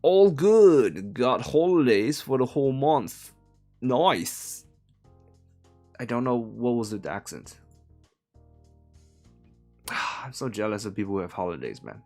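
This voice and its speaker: A man's voice: mid-range voice, very animated, slow pace, pauses often, warm tone, soft background music. A man from Hong Kong translating a novel live on stream, talking casually and rambling with many fillers and self-corrections.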